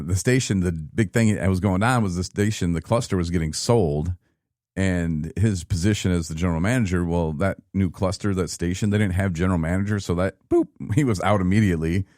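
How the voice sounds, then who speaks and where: A man in his thirties from Michigan, telling his own story in a casual, animated podcast chat and acting out what people said. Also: low-pitched, moderate pace, dry recording, studio quality. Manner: animated, laughing, acts out quoted people. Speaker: podcast guest.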